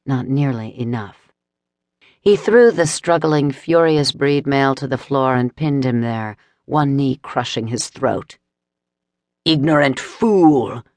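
A woman narrating a dark romantic fantasy audiobook in a steady, dramatic storytelling manner. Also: extremely low pitch, a little slow, dry recording.

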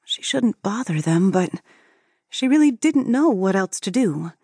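A woman narrating an audiobook with steady, expressive storytelling. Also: on the low side, unhurried, no echo, studio quality.

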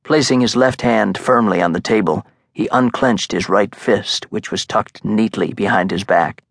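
A man reading a thriller audiobook in a measured, suspenseful narration. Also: on the low side, no echo. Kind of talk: scripted narration. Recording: dry, close studio sound.

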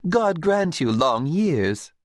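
A man's voice: a little high, sing-song, slow pace, no echo, studio quality, voice pushed up. A male narrator voicing a cheerful stranger on horseback who speaks in a light, musical tenor. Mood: genial. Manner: easygoing and cheerful.

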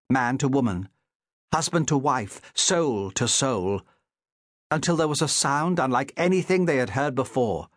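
A male audiobook narrator telling the story dramatically, his pitch rising and falling freely across each sentence. The recording is dry and close, with no room echo. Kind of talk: scripted narration.

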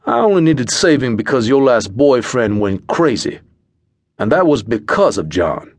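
A man's voice: mid-range voice, sing-song, normal speed, no echo. A man voicing a grumpy young male sidekick in an audiobook, grumbling and sarcastic.

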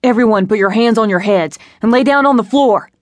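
A woman voicing a cold, gruff male bank robber who barks orders and threats in an audiobook. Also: lowish voice, normal speed, a little mellow, no room sound, lightly acted. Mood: cold menace.

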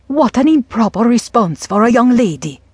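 A woman voicing a dignified, sharp-tongued middle-aged mother who chides and scolds in exasperation. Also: medium pitch, animated, normal speed, slightly rough, no echo. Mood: scolding. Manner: chiding, exasperated, haughty.

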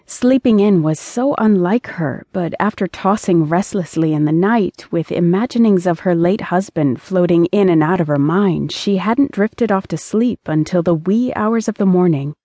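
A woman reads an audiobook aloud in a mellow, warm voice. Her telling is measured and expressive, recorded close and dry with no room sound. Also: lowish voice, no room sound. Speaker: audiobook narrator. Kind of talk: scripted audiobook narration.

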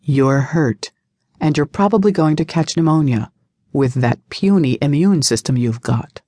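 A woman voicing a calm, commanding man with a smooth, unhurried, sarcastic tone. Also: low voice, dry recording, studio quality. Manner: slow, smooth and nonchalant.

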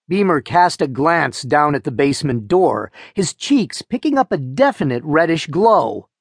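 A man giving wry, expressive narration of a children's audiobook. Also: fairly high pitch, measured pace, hardly any pauses, slightly rough, dry recording, clean studio sound. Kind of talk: scripted children's book narration.

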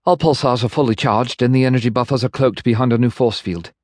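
A man voicing a steady woman weapons officer in an audiobook, replying crisply and dutifully. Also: medium pitch, fast talker, no echo, clean studio sound, pitched above the performer's own voice, natural voice.

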